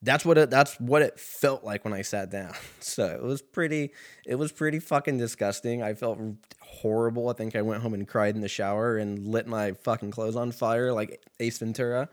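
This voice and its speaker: A man's voice: mid-range voice, moderate pace. A young man hosting a podcast, telling a comedic story in a rambling, profane way full of fillers, recorded at a laundromat. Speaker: podcast host.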